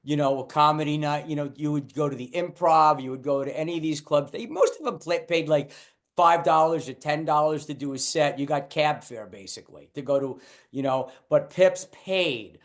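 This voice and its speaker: An older man recounts his comedy days in lively anecdotes. His voice sits a touch high for a man. He restarts his sentences often and acts out the quotes. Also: moderate pace. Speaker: guest comedian. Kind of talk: storytelling in a casual chat.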